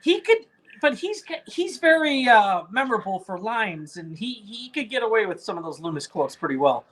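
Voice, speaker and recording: A man's voice: sits high, very animated, moderate pace, fairly bright tone. A man co-hosting a podcast, chatting casually and upbeat. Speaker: podcast co-host. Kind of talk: casual chat.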